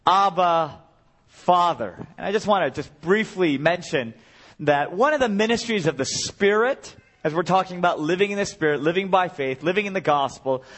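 A man's voice: high-pitched, lively intonation, a little fast, fairly bright tone. A middle-aged man preaching a sermon as a guest speaker, earnest and building to impassioned cries.

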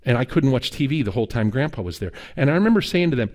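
A man's voice: mid-range voice, sing-song, very fast, a little mellow. A middle-aged man preaching a sermon as a pastor, telling stories with humor and acted dialogue. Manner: conversational storytelling with humor and quoted dialogue.

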